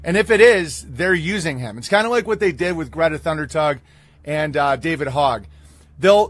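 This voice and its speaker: A man's voice: fairly high pitch, a bit bright, no room sound. A man hosting a reaction commentary video, speaking bluntly and with dismissive sarcasm.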